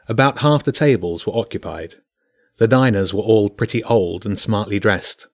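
A man narrating a bedtime story in a steady, measured way. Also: lowish voice, no room sound, clean studio sound.

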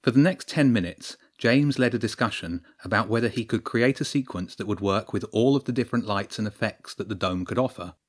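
A man narrating a story in a steady storytelling voice. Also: on the low side, a little fast, few pauses. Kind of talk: scripted narration.

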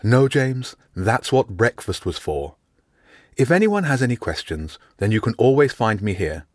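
A jovial middle-aged housemaster, raised high and cheerful, as a male narrator puts her on. She speaks brisk and formal from a dry, close booth. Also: very animated, darkish tone, dry recording.

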